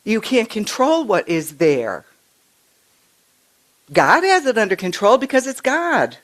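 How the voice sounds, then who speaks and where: An older woman minister giving a relaxed, conversational sermon in a church. She tells stories in an animated way, keeps her voice in a middle pitch, and often repeats words as she restarts her sentences. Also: slow pace. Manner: chatty, animated storytelling with frequent restarts. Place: church sanctuary.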